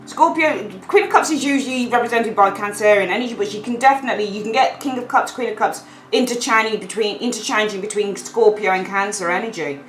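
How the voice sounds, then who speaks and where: A woman giving a casual weekly tarot reading to camera, chatty and expressive, swearing now and then and acting out the figures on the cards. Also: medium pitch, fast, few pauses, roomy sound, slight background noise, rough recording. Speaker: tarot reader.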